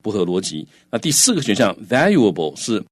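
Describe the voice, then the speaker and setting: A man teaching English vocabulary in a bilingual lesson, patient and steady, with frequent filler sounds and slowed English terms. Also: on the low side, husky, no echo. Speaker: English teacher explaining in Chinese.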